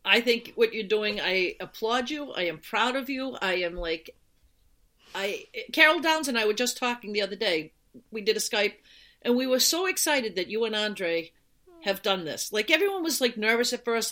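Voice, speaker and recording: A middle-aged woman from Boston with a Boston accent, chatting in an animated, storytelling way. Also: on the high side, normal speed. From Boston, USA. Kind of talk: casual chat.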